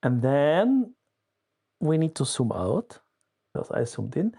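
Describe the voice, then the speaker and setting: A man guest giving a casual, step-by-step walkthrough in a steady way of talking. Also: a little high, takes it slowly, vocal fry, husky. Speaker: guest explaining a tool.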